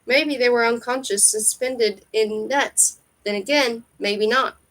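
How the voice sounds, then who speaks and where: A woman reading aloud, voicing a huge skeletal male ferryman who speaks in hushed, hissing, evasive tones. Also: a little high, a little slow.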